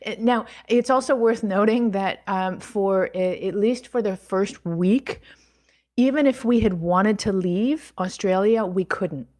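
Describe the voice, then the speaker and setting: A Canadian woman, a podcast guest, telling a story casually and lively, acting out what people said, often restarting her sentences. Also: medium pitch, unhurried. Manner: animated, acts out quoted dialogue, frequent restarts.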